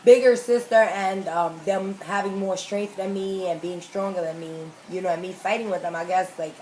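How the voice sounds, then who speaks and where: A woman hosting a mukbang, telling a story in a casual, animated, slangy way and acting out the quoted lines. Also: medium pitch, normal speed, slight background noise, rough recording. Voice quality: animated, emphatic, slangy retelling with acted-out quotes. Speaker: mukbang host. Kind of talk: casual storytelling while eating.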